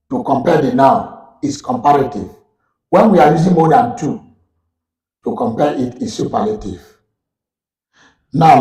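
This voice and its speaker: A man with a Nigerian accent teaching English grammar in a slow, repeating lecture style. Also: mid-range voice, creaky, mellow, distant mic. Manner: slow, repetitive explaining. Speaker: university lecturer. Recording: echoey room, voice off-mic.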